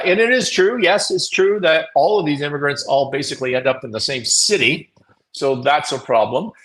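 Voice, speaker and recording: Male morning-show host, mid-pitched, blunt opinionated commentary, animated, swears freely. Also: low-quality recording. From Canada.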